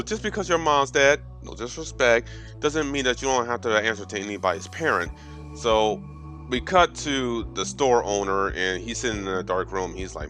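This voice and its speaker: Dude retelling a movie, swears a lot, pops into goofy voices, kinda low voice, faint music under it. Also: male voice. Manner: animated, acts out characters in quick voices; profane, slangy storytelling. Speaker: movie recapper. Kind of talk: comedic movie recap.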